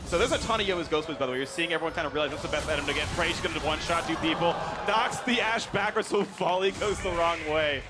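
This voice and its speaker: A high-pitched man calls an esports match live, excitable and quick to joke. Music plays clearly underneath his commentary. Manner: excitable, jokey, rises to shouts in fights.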